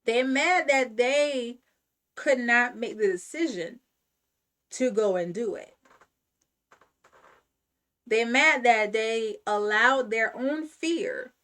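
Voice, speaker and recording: A woman hosting a self-help channel delivers a motivational talk in a fairly high voice. She takes her time, hammering each point home through repetition in an emphatic, preaching manner. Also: takes it slowly, long pauses, a bit bright. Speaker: channel host.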